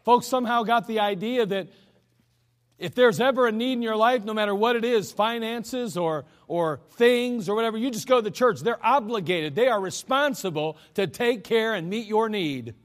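Male pastor with a high voice, folksy and emphatic sermon delivery, long hall reverb. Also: lively intonation, moderate pace. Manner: folksy, chuckling asides, emphatic scripture reading.

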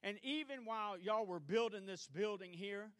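Chatty preacher, higher voice. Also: male voice, normal speed, a bit bright, no room sound. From North Louisiana. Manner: chatty, self-deprecating, homespun asides. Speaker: guest preacher, assistant pastor. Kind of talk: folksy church sermon opening. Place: church sanctuary, live service.

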